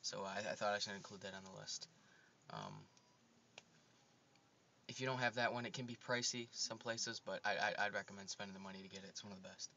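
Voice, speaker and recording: A man with a low, very bright voice runs through his favorite games in a casual countdown, rambling and restarting his sentences. The home recording is dull and low-fi, with a faint hiss underneath. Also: steady tone, a little fast, gravelly. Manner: rambling, with frequent ums and restarts. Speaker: gaming video host. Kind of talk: casual video game countdown.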